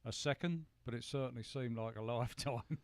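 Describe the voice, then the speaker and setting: Hesitant British man, smooth voice. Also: medium pitch, fairly quick, darkish tone, no room sound. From United Kingdom. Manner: hesitant, many fillers, frequent yeahs. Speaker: radio co-host. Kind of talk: radio talk show chat.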